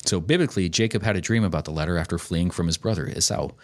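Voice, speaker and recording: Deep-voiced man musing through a film review. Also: rapid-fire. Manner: thoughtful, explanatory, rambling asides. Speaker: podcast host reviewing a film. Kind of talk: casual podcast discussion.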